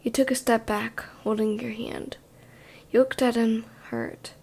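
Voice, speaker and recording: Gravelly woman in whispered role-play. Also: on the high side, fairly even intonation, measured pace. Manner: hushed second-person narration. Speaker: storyteller.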